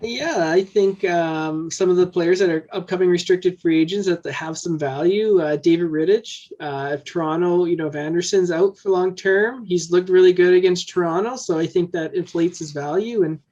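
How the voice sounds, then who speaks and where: A man on a sports podcast panel, pitching trades in a joking salesman manner. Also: moderate pace, few pauses, dark tone, muffled recording. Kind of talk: casual sports chat.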